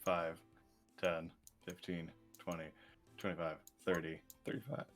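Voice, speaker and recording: A man playing in a tabletop game, narrating his character's moves with giggly, animated delivery. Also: low-pitched, a little slow, faint music behind. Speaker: player. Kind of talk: casual tabletop play.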